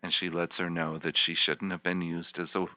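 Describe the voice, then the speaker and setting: A man, a healing practitioner, leading a volunteer through slow guided imagery with soft, repetitive, soothing coaching. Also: sits low, little pitch movement, dry recording. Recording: dull lo-fi teleconference line.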